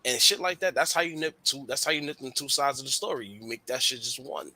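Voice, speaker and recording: Bright-voiced man in candid slangy chat. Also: medium pitch, quick pace, a little hiss or hum. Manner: candid, slangy, animated storytelling. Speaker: radio show co-host. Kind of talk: casual chat.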